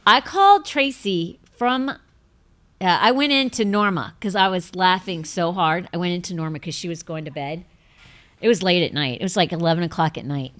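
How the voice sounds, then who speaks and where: A middle-aged woman hosting a show, telling rambling, self-mocking stories in a bubbly, casual chat and breaking into high laughing fits. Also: normal speed, a bit bright. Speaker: host.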